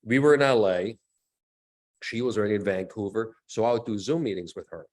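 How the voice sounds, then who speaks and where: A man's voice: on the low side, fairly quick. A middle-aged man, an actor and fight coordinator, telling stories in a casual interview and acting out the lines he quotes. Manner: animated storyteller, acts out quotes.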